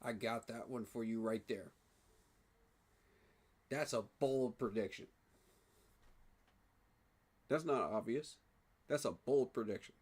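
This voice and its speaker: A man talking excitedly in a casual fan reaction vlog, emotional and repeating himself. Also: mid-range voice, slow pace, long pauses, breathy edge. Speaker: sports fan vlogger.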